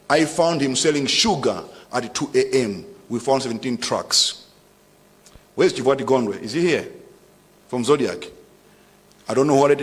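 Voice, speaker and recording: Brief: middle-aged Malawian man, defiant government minister at a briefing, mid-pitched voice, long hall reverb. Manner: emphatic, defiant, mixes local language into English. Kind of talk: press briefing statement.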